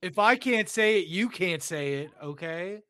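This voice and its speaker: A man's voice: sits high, lively intonation, unhurried, a bit bright, clean tone. A man joking with friends in laid-back banter while watching a movie. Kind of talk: casual movie-watching chat.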